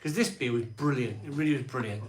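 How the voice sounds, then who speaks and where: A man's voice: medium pitch, fast talker, reverberant. A man hosting a casual live stream, chatting in a rambling way. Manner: chatty, rambling, frustrated sighs. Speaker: live show host.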